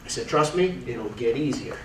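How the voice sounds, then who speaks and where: A man's voice: mid-range voice, animated, moderate pace, a bit bright. A man in his thirties talking casually to a group, repeating and restarting words as he goes. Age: 30s. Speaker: testimonial speaker. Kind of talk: casual testimonial talk to a group. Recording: roomy, from far off, faint noise.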